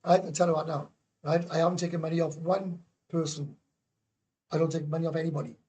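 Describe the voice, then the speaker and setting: A Welsh man chats casually to his livestream viewers, blunt and cheerful, swearing without a second thought. His voice sits a little high for a man and has a husky edge. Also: flat delivery, fast, warm tone. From Wales. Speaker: livestream host. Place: home in Thailand.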